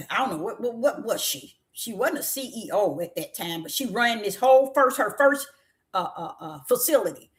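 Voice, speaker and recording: A middle-aged woman telling a story to viewers in an animated, preachy way. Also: a little high.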